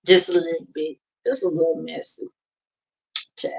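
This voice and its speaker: A woman's voice: low-pitched, normal speed, vocal fry, darkish tone, low-quality recording. A woman hosting a casual reaction livestream, gossiping and mocking in a sassy, drawling way. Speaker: livestream host. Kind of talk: casual reaction stream chat.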